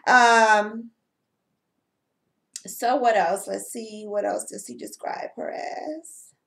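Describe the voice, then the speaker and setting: Woman teacher, casual video lesson, playful, slangy asides, highish voice. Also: steady tone, slow pace, creaky, fairly bright tone. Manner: playful, chatty, laughs often, slangy asides.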